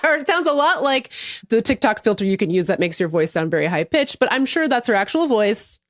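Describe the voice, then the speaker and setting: A woman's voice: on the high side, a little fast, dry recording, studio quality. Wry chatty woman co-hosting a podcast. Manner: chatty, wry and deadpan, with swearing. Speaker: podcast co-host. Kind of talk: casual podcast chat.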